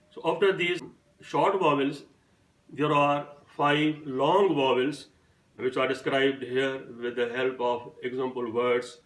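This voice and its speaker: A man's voice: medium pitch, steady tone, normal speed, roomy sound, recorded from a distance, poor audio. A man giving a phonetics lesson, carefully spelling out example words one at a time. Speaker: teacher.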